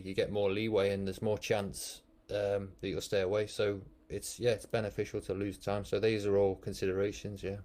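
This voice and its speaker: Thoughtful low-voiced man explaining racing. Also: little pitch movement, normal speed, hardly any pauses, a little mellow. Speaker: former professional cyclist, guest. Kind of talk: casual podcast chat.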